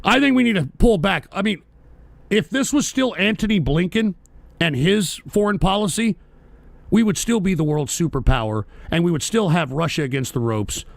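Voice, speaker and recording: A man's voice: sits high, expressive, moderate pace, gravelly, dry recording. A man from the United States hosting a radio show, delivering a heated, profane political rant and repeating himself.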